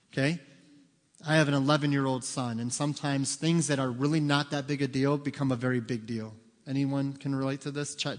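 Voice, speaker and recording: A middle-aged man preaching a sermon as pastor, lively and joking, acting out small bits of dialogue. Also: mid-range voice. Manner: lively, joking, acts out voices of children. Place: church sanctuary. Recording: long hall reverb.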